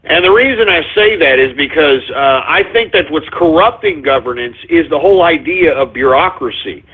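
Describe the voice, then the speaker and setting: Tinny-sounding high-voiced radio host man. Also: expressive, normal speed, breathy edge. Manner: rambling, many fillers and restarts. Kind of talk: call-in radio talk.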